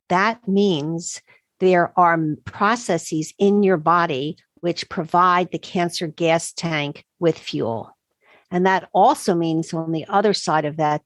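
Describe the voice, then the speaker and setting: A woman, a doctor answering podcast interview questions with emphatic, animated explanations. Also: lowish voice, no echo. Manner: emphatic, animated storytelling with quoted asides. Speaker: integrative medicine doctor, podcast guest.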